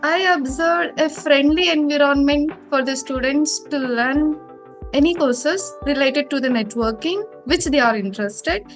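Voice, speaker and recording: Young indian woman, high voice, lots of uhs, faint music behind. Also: a little slow. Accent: Indian English. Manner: hesitant, many "uh" fillers. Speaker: former student interviewed. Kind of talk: casual interview.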